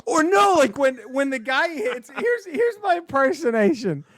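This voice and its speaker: A man co-hosting a casual podcast, swearing and laughing as he tells animated stories. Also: very high voice, normal speed. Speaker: podcast co-host. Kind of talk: casual chat.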